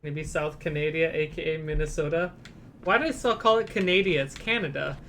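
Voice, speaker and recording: A woman streamer giving casual commentary while playing a game, with dry, quiet asides. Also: deep voice, fairly quick, a little hiss or hum. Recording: game music playing behind.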